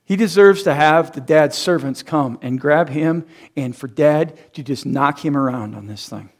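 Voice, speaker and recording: A man's voice: on the high side, moderate pace. A man in his thirties preaching a sermon, who acts out quoted voices and laughs at his own jokes. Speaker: pastor.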